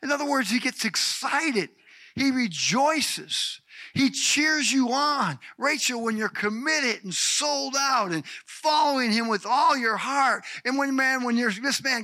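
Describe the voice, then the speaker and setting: A man's voice: very high-pitched, expressive, unhurried, sharp tone, dry recording. A man preaching a sermon, exuberant and calling out members of the congregation by name. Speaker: pastor.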